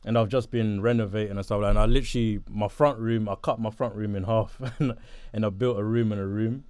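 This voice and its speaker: A young man from southeast London with a South London accent, chatting casually in an interview, laid-back and quick to laugh. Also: lowish voice, fairly even intonation, a little mellow, smooth, no room sound, clean studio sound. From Botswana, raised in southeast London.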